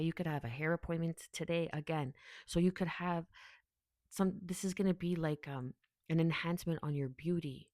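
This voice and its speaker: A woman's voice: low voice, darkish tone, dry recording. A woman casually giving a tarot reading, rambling and chatty as she talks straight to the viewer. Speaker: tarot reader.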